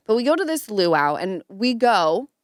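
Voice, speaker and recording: A woman hosts a podcast in an easy, chatty way, telling a story. She jumps up in pitch when she quotes others, and her voice has mid-range pitch. The sound is dry and close to the mic. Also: measured pace, no echo. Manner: animated storytelling, acts out quotes in a higher voice. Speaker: podcast host. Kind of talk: casual chat.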